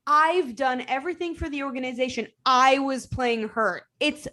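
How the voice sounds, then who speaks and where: A young woman from Chicago with a light Chicago accent, co-hosting a sports podcast in a blunt, teasing, animated way. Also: high voice, normal speed. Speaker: podcast co-host. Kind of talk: casual sports debate.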